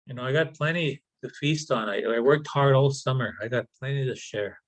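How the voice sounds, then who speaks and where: A man voicing a generous, protective male spirit hero, talking earnestly with halting repeats. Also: mid-range voice, lightly acted, poor audio. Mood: friendly.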